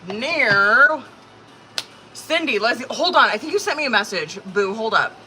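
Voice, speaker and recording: Bright-voiced, foul-mouthed woman streamer. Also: a little high, animated, unhurried, faint music behind, low-quality recording. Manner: chatty, profane, laughs often. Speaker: tarot reader hosting a live stream. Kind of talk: casual live-stream chat. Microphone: phone or tablet.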